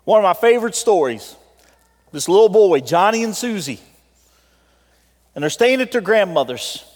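Male preacher, high voice, rises loud then drops soft, altar-call sermon in a big echoing sanctuary. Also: big pitch swings, normal speed. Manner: swings from loud pleading to soft, quiet appeals; tells a story with voiced characters. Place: church sanctuary. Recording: long reverb of a large hall.

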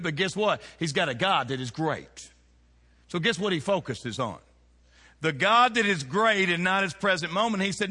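A middle-aged man preaching a folksy, animated sermon, firing rhetorical questions at his congregation. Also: on the high side. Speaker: pastor. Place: church sanctuary. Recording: long reverb of a church hall.

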